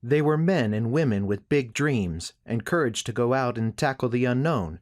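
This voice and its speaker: A man's voice: mid-range voice, lively intonation, moderate pace. Man reading a western audiobook. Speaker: audiobook narrator. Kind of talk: first-person audiobook narration of a western novel.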